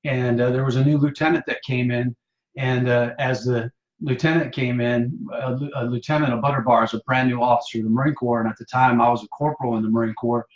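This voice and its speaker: A man from Michigan, a pastor and Marine veteran, tells a personal testimony on a live stream in a casual, halting way full of fillers and restarts. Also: mid-range voice, steady tone. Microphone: phone or webcam for a live stream. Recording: dull, roomy live-stream audio.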